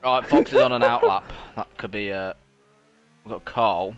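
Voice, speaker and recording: A man doing casual sim racing play-by-play, calmly calling lines and laps. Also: on the low side, highs cut off. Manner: measured play-by-play, track-line analysis. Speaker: co-commentator. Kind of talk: casual esports race commentary.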